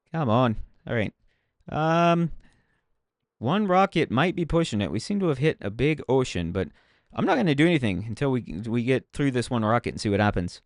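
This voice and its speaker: A man narrating his own gameplay in a loose, rambling way, often poking fun at himself. His voice is smooth and clear, recorded dry and close with no room sound. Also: mid-range voice, sing-song, a little fast, no echo. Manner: chatty, self-mocking, talks to himself while playing. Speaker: game streamer. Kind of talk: casual gameplay commentary.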